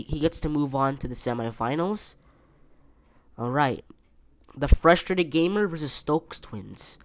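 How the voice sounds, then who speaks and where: A man's voice: a little high, a bit bright, smooth. A man hosting a casual solo podcast from his bedroom, rambling with many fillers and restarts. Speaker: podcast host.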